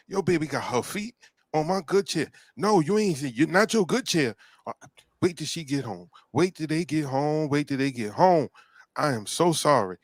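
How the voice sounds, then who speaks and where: A man's voice: fairly high pitch, no echo, clean studio sound, close to an everyday voice. A man voicing a strict, fussy old grandmother who nags children about her good furniture. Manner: nagging, protective of her furniture.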